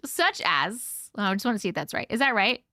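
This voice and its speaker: A woman's voice: mid-range voice, expressive, fairly quick, pushed and bright, dry recording, clean studio sound. A woman hosting a livestream, chatting casually, laughing often and swearing now and then while she reads viewer stories aloud. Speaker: host reading viewer stories. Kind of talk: casual livestream chat and story reading.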